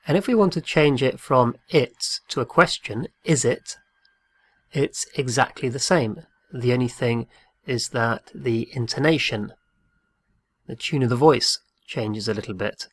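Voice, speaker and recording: Slow, patient male Spanish teacher. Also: mid-range voice. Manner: patient, repeats each phrase and spells words out. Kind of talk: slow drilled language lesson.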